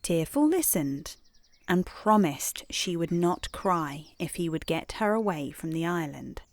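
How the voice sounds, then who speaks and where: A British woman reading a bedtime story in a calm, soothing, unhurried way. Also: lowish voice, no room sound.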